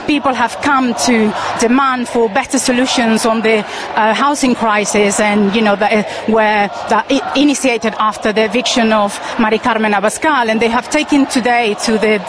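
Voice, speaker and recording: A woman's voice: fairly high pitch, fairly even intonation, normal speed. A woman reporter giving a live, unscripted account at a city street protest, stopping and restarting her sentences with fillers and pushing her voice over the crowd. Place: outdoors in a city square at a protest. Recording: loud outdoor street noise.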